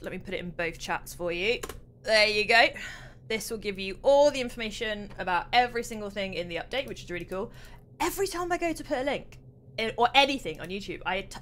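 Lively, bright-voiced British woman streamer. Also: mid-range voice, slight background noise. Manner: excitable, chatty, self-mocking. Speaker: streamer host. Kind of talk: casual gameplay livestream chat.

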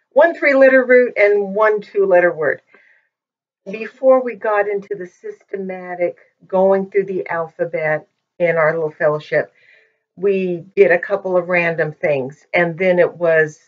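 A woman teaching a language lesson in a patient, methodical way, pausing often with ums, recorded on a poor-quality microphone. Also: mid-range voice. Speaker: Hebrew teacher. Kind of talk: slow explanatory lesson. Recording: dull lo-fi microphone.

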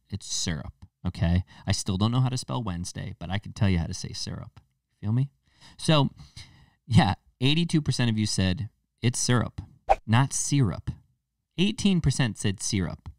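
Here the same kind of host, a young New Englander, rants on his comedic podcast in a fairly low voice with some vocal fry. His rambling, swearing jokes jump abruptly to loud bursts, and the studio-quality audio has no room sound, though the mic sits far off.

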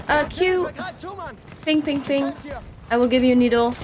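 A woman streamer giving excitable, chatty commentary while playing a shooter game, often exclaiming and laughing at herself. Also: sits high, normal speed. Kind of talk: casual gameplay commentary. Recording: game gunfire loud behind the voice.

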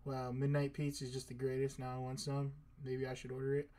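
A man giving let's-play commentary over a game, joking, excitable and swearing casually. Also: medium pitch, a little fast. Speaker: gaming video creator.

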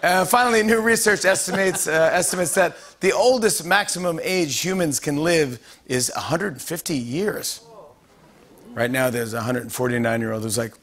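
Hoarse man hosting late-night comedy. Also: a little high, moderate pace, fairly bright tone. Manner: playful, laughing at own jokes. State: hoarse, lost voice. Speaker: late-night talk show host. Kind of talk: comedy monologue and banter.

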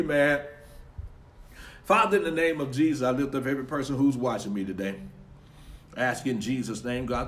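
A man preaching emphatically, repeating and restarting his words as he drives his points home, then praying for his online viewers. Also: mid-range voice. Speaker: pastor. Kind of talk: livestreamed sermon and prayer. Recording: echoey room with faint ambient noise.

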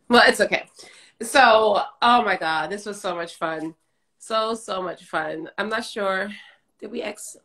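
A woman's voice: mid-range voice, gravelly, a bit bright. A middle-aged woman hosting a casual livestream chat, laughing and emotional, gushing over friends. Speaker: livestream host, former dancer.

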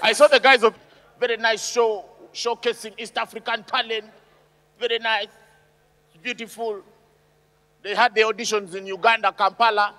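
Brief: male comic on stage, very high voice, lively and loud on the punchlines. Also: normal speed, long pauses, in a large hall, a little hiss or hum. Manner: animated, shouting punchlines. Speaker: stand-up comedian. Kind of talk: stand-up comedy.

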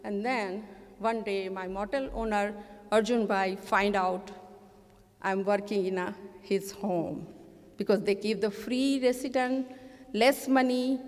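A woman's voice: medium pitch, fairly even intonation, takes it slowly, in a large hall. A middle-aged woman from India with an Indian English accent, earnestly telling her own life story at a community storytelling show, voicing the people she met. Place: community event stage.

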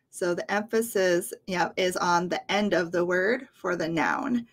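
A woman's voice: on the low side, unhurried, vocal fry. A woman teaching English on a livestream, repeating words patiently for learners. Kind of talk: livestream lesson.

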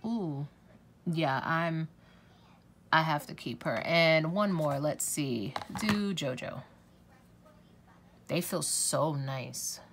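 Woman, beauty vlogger, chatty, effusive, low voice, faint hiss. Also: lively intonation, drawn-out words, pauses often. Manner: chatty, effusive, swears when upset. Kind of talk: casual chat to camera.

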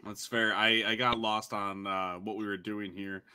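A man's voice: on the low side, level tone, a little slow, bright, forceful tone, clear, resonant tone. A man playing a tabletop role-playing game, joking playfully with the group. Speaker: player.

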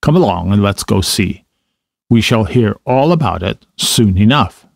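A man's voice: fairly low pitch, lively intonation, unhurried, gravelly, no echo, clean studio sound, exaggerated voice. A man voicing a friendly, sensible male water rat who explains things plainly to a friend. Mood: knowing. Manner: explaining, matter-of-fact.

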